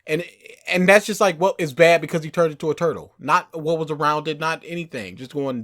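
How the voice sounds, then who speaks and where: A man's voice: a little high, lively intonation, fairly quick, few pauses, a bit bright. A man co-hosting a podcast, talking in an emphatic, rambling way in casual chat. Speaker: podcast co-host.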